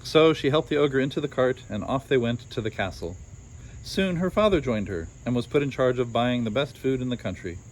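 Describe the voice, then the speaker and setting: A man's voice: mid-range voice, animated, fairly quick, slight background noise. A man reads a children's storybook aloud outdoors, breaking in now and then with dry, wry asides. Faint crickets and insects chirp behind him.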